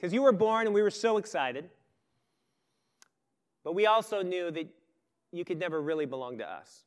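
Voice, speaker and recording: A man preaching acts out a solemn father who speaks gently and earnestly to his son. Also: sits high, lively intonation, normal speed. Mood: tender. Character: solemn, tender father telling his son their story.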